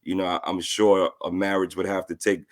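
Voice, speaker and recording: A man hosting an interview, asking questions in a measured, slightly hesitant way. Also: low-pitched, flat delivery. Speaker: interview host.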